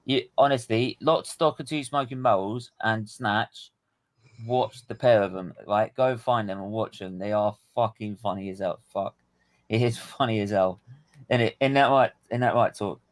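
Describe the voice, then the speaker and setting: A man's voice: fairly low pitch, normal speed. Laughing, swearing London man. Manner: laughing, swearing, animated storytelling. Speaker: stream host. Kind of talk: casual live watchalong chat.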